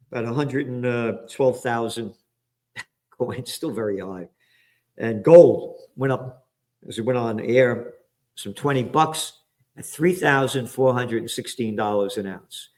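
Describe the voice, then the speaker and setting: A man from the Bronx, hosting a profane, combative current-affairs commentary. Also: medium pitch. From the Bronx, New York. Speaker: trends forecaster and show host.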